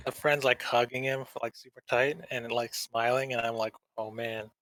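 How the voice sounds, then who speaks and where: A man's voice: mid-range voice, little pitch movement, normal speed, fairly bright tone, no echo, low-quality recording. A man co-hosting a casual podcast chat, rambling in slang and briefly mimicking characters in exaggerated voices. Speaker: podcast co-host.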